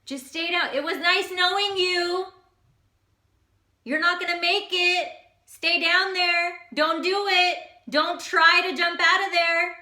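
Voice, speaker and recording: A woman's voice: very high voice, steady tone, slow, sharp tone, pitched above the performer's own voice, exaggerated voice. A woman voicing a crowd of frogs gathered at the rim of a hole, in an echoey room. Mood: jeering. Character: crowd of frogs jeering and gawking.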